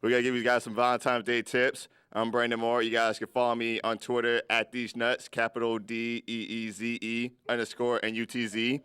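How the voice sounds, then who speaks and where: Young male comic, low, bright and crisp, dry sound. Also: completely flat delivery, moderate pace, few pauses, dry recording. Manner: joking, self-mocking. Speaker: comedian. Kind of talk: comedy sketch banter.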